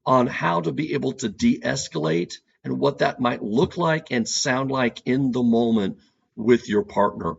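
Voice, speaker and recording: A man's voice: medium pitch, a little slow, gravelly, muffled recording. A man speaking as a couples therapist on an educational podcast, earnest and repeating key points for emphasis.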